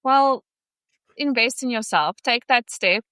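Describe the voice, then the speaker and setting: A mother chatting as a podcast guest, effusive and full of gratitude. Her voice is bright and forward, with a smooth, resonant clarity. The sound is dry and close. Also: a little high, slow, dry recording. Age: adult with a young son. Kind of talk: casual interview chat.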